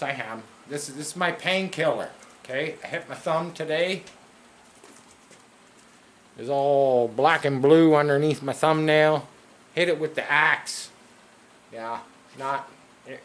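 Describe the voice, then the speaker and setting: A man casually hosting a workshop vlog from his home garage, rambling with lots of fillers. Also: mid-range voice. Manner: rambling, filler-heavy, chatty. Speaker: car builder hosting his workshop channel. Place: home garage with a wood stove. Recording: echoey garage with faint background noise.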